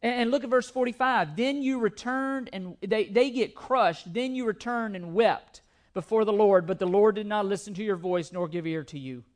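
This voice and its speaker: Male pastor with a high voice, emphatic sermon delivery, repeats himself. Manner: emphatic, repeats words, shifts between slow reading and quick asides.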